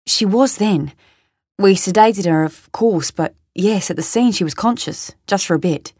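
A woman's voice: mid-range voice, unhurried, darkish tone, breathy edge, no echo, clean studio sound. A woman voicing a laid-back Australian male paramedic who talks in a casual, matter-of-fact way. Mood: offhand.

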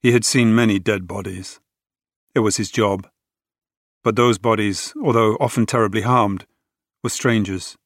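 A man narrating an audiobook in a measured, dramatic way. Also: lowish voice, fairly even intonation, no room sound, clean studio sound.

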